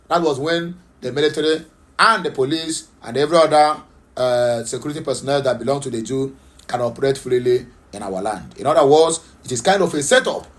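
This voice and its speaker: A man's voice: on the high side, fairly bright tone. A man with a Nigerian accent giving impassioned political commentary, emphatic and repetitive, with frequent fillers and rhetorical questions. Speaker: political talk show host.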